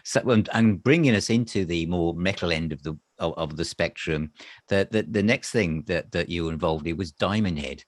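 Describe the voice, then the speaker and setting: Male podcast host, very low voice, dry recording, affirming and hesitant. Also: moderate pace, no echo. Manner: affirming, hesitant questions with restarts. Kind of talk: casual interview.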